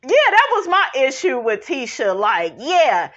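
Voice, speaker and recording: A woman's voice: high voice, wildly swooping pitch, measured pace, fairly bright tone, lo-fi sound. A woman, giving sassy casual commentary and reading out viewer comments, calling her viewers honey. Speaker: commentary host.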